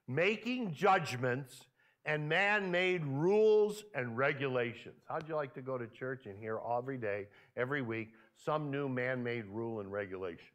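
A man's voice: fairly high pitch, a bit bright. A male pastor preaching a sermon in church, talking conversationally and peppering the congregation with questions. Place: church sanctuary.

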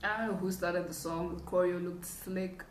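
A young woman with a low voice gushes and rambles excitedly as she reacts to a music video. She sits a little back from the mic in a roomy, echoing space, with the music faintly playing behind her. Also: moderate pace. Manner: excitable, rambling fan chatter. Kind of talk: casual reaction commentary. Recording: roomy echo, distant from the mic.

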